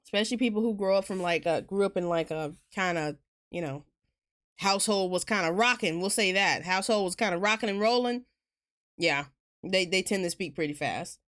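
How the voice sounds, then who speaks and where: A woman with a Southern US accent chatting casually while streaming a game, fast-talking and rambling, laughing often. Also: lowish voice, fairly bright tone. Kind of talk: casual gaming chat.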